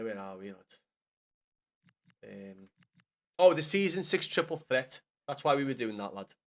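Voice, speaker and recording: A man in his thirties with a Scouse accent, hungover and rambling, chatting casually to his stream viewers with lots of swearing and restarts. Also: mid-range voice. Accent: Liverpool Scouse. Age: 30s.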